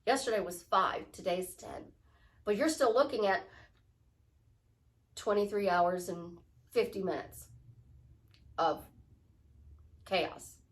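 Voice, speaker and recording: A female life coach speaks casually to her viewers about prayer, rambling and acting out little dialogues in a spiritual talk to camera. Her voice sits at a medium pitch, and she takes it slowly with long pauses.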